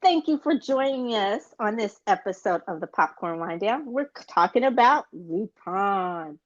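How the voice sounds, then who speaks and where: A woman's voice: mid-range voice, animated, measured pace, dry recording. An American woman co-hosting a podcast in a casual, rambling chat, with many fillers. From United States. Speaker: podcast co-host. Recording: dull, dry lo-fi sound.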